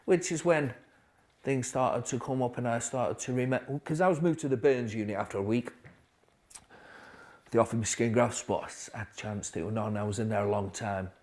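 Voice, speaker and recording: Appearing as a podcast guest, a man with a middling-pitched voice tells his recovery story in an interview. He speaks quietly and haltingly, restarting often, and his voice drops even softer at the hardest moments.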